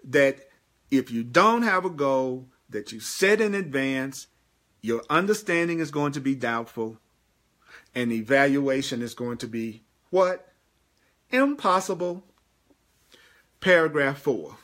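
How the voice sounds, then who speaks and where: A man teaching a spiritual class on a livestream, emphatic and slow when he repeats key lines. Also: medium pitch, lively intonation, fairly bright tone. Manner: bursts into exuberant whoops and playful sounds. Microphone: webcam or phone livestream.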